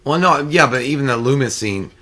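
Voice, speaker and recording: A man's voice: mid-range voice, a little fast, a crowd in the background. A man co-hosting a casual movie commentary, joking and swearing and slipping into silly voices.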